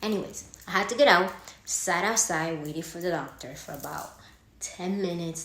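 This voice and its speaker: A woman's voice: lowish voice, moderate pace, vocal fry. A woman whose first language is Spanish, casually telling a story, cursing and acting out the people she quotes. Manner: animated, swearing, acts out quoted voices. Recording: echoey room.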